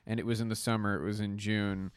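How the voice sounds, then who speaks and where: A man's voice: on the low side, level tone, fast talker, smooth. A man guesting on a podcast, a comedian telling rambling anecdotes in casual chat.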